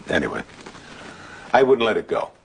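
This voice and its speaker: Deep-voiced man telling a ghost story. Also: gravelly, slightly rough. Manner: halting, relaxed, with restarts and "uh". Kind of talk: anecdotal storytelling.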